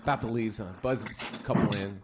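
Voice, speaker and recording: A man's voice: lowish voice, steady tone, quick pace, heavy background noise. A man doing a stand-up comedy set, telling crude stories and acting out the people in them. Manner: storytelling, crude, acts out stutters. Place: comedy club stage.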